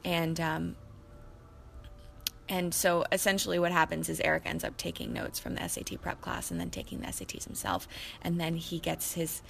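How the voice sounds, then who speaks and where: Gravelly young woman chatting on a podcast. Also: deep voice, a bit bright, a little hiss or hum. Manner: rambling, emotional, quick to laugh. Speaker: podcast co-host. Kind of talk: casual chat recapping episodes.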